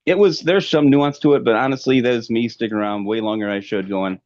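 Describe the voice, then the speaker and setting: A man from the American Midwest co-hosting a podcast, telling stories in a dry, deadpan way. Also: medium pitch, fast talker, no echo, dull audio. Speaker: podcast co-host. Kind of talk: casual chat.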